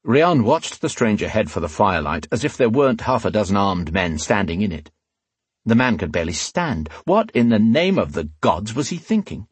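Male audiobook narrator, deep-ish and husky, dramatic fantasy reading. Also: big pitch swings, no echo. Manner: measured, dramatic storytelling.

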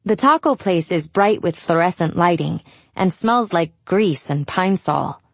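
A woman narrating a first-person audiobook in a frank, wry, steady way. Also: on the low side, measured pace, no room sound.

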